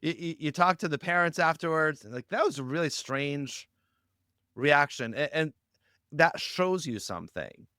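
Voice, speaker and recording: A man with a smooth, resonant voice talks as a podcast guest, building points through stories and slipping into quick quoted voices. The sound is dry and close, with no room around it. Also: on the high side, no echo. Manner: animated storytelling, acts out quoted lines. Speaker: guest on a youth ministry podcast. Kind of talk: conversational podcast interview.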